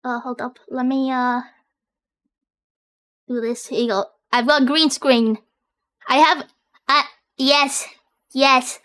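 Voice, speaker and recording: A woman's voice: sits high, steady tone, takes it slowly, long pauses, a bit bright. A woman streaming live, talking casually in a goofy way, stalling with fillers and repeats.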